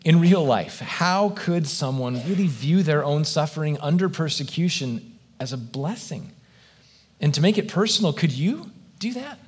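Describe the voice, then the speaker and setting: A man's voice: on the high side, slightly rough. A man preaching a sermon as pastor, earnest and reflective, posing question after question to his congregation in a church.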